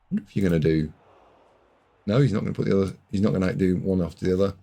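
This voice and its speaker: A man casting a video game match, excitable, jumping from loud shouts to muttered asides. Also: sits low, rapid-fire, vocal fry. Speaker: game caster.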